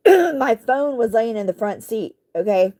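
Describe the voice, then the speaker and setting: Rambling, throat-clearing woman telling a story. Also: fairly high pitch, unhurried. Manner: rambling, animated retelling with many fillers and asides. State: frequently clearing her throat. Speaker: vlogger. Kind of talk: casual storytelling.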